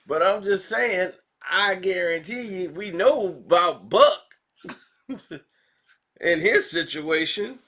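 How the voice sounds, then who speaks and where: A man hosting a casual commentary vlog, talking in slangy, animated style and acting out quotes. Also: sits high, takes it slowly, pauses often. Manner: animated, slangy, acts out quotes in other voices. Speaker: commentary channel host.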